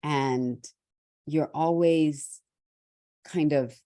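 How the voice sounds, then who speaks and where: A middle-aged woman from Trinidad hosting a motivational talk, speaking candidly and reflectively with restarts and soft laughs. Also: low voice, fairly even intonation, drawn-out words, no room sound. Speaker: host.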